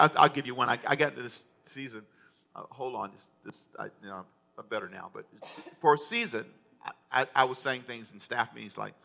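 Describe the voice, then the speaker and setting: Male pastor, sermon, very bright tense voice, slightly high, chatty and joking. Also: vocal fry. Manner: conversational, repetitive, humorous asides.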